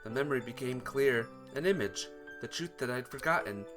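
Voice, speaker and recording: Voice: medium pitch, lively intonation, a little fast. A streamer reading a visual novel aloud, greeting viewers between lines. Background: guitar music.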